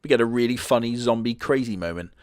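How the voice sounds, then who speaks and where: A man's voice: medium pitch, quick pace, heavy background noise. Sarcastic, crude man riffing on anime. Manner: sarcastic, crude, mocking asides. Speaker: anime reviewer. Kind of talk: comedic anime commentary.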